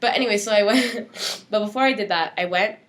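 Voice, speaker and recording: A woman's voice: mid-range voice, brisk. A young woman co-hosting a podcast, telling a work story in casual chat and acting out what people said, laughing as she goes. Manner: animated, acts out quoted dialogue, laughs while telling. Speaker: podcast co-host.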